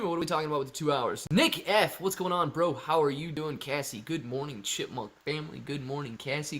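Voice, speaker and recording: A man's voice: fairly high pitch, a bit bright. A man hosting a casual live stream, reading out viewer comments and greeting people by name in an upbeat way. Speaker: livestream host.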